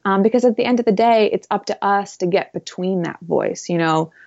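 A woman's voice: medium pitch, fairly quick, gravelly, a little mellow, no echo, dull audio. A woman speaking as an interview guest, earnest and reflective, with many fillers. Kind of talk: conversational interview.

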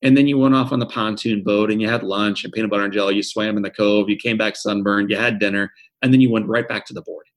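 A man's voice: lowish voice, fairly even intonation, quick pace. A man in his forties, an author being interviewed, who answers with earnest, vivid anecdotes and often repeats words. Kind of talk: interview conversation.

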